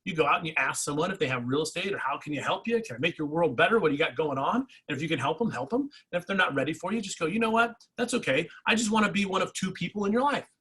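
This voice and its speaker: A man giving a motivational real estate coaching talk, energetic and repetitive, speaking straight to his agents. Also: fairly high pitch, racing, few pauses, slightly rough, rough recording. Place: training session.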